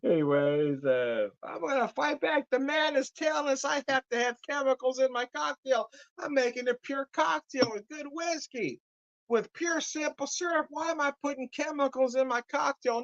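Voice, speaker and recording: A man's voice: very high voice, animated, normal speed, creaky, dry recording, muffled recording. A man ranting casually to camera as a whiskey vlogger, swearing freely and breaking into laughs. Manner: profane, laughing ranter.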